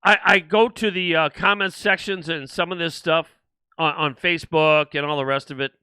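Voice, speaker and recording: Older male host ranting on a livestream, indignant and repetitive, with a high, sharp, very bright voice. The sound is close and dry. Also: fairly even intonation, normal speed, clear, resonant tone, no room sound. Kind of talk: political livestream commentary.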